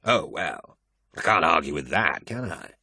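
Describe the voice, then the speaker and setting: A man's voice: deep voice, sing-song, a little slow, fairly bright tone, breathy edge, no echo, clean studio sound, exaggerated voice. A man voicing a sardonic, gloomy male poet who argues with sarcasm. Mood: scornful. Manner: sarcastic, argumentative.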